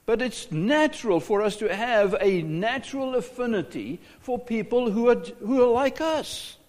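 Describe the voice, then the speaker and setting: A man's voice: very high-pitched, darkish tone, in a large hall. A South African man preaching a sermon as a pastor, asking rhetorical questions and often repeating his words.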